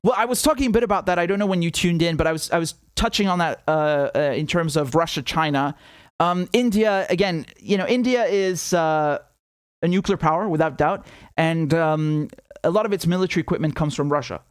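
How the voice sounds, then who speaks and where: Here a young adult man speaks fairly quickly in a clear, resonant, higher-leaning voice, with no echo and studio-quality sound. As an independent political commentator hosting a live stream, he's heated and sarcastic, swears freely, stumbles over restarts and reads viewer donations aloud.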